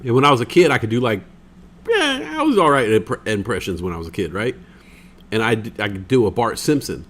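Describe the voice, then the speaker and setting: A man's voice: medium pitch, a little fast. A young man co-hosting a livestream, telling stories in casual chat, swearing freely and acting out the voices of people he quotes. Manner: animated, swears often, acts out quoted voices. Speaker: stream co-host.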